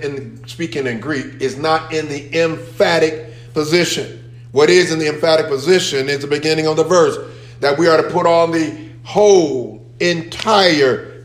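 Pastor, male, sermon delivery, repeats key phrases with rising emphasis, slightly high voice, echoey church room. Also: unhurried.

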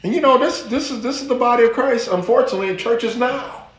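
A man's voice: very high-pitched, fast talker, heavy reverb. A man preaching a sermon as pastor, folksy and humorous, with rising exclamations.

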